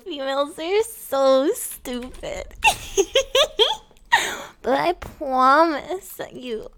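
A woman putting on a high sugary baby voice. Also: creaky, heavily acted. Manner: slow, sugary, giggly baby talk. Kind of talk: comedy skit.

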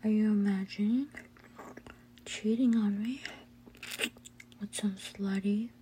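A woman's voice: medium pitch, steady tone, takes it slowly, a little hiss or hum, natural voice. A woman playing a teasing girlfriend in whispered role-play. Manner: breathy whispers with soft hums and giggles. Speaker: audio role-play performer.

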